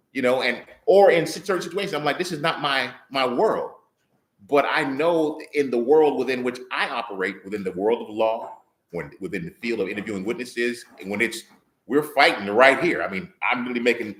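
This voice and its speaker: A man giving a sermon in a conversational, storytelling way, acting out quoted lines with lively pitch swings. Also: echoey room. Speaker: preacher.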